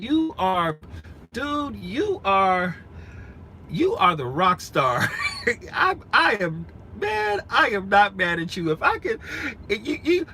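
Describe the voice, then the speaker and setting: A man's voice: sits high, sharp tone, a little hiss or hum, low-quality recording. A man in his forties chatting frankly and earnestly with live-stream viewers from inside a rented SUV, repeating himself and restarting often. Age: 40s. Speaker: rideshare driver vlogger.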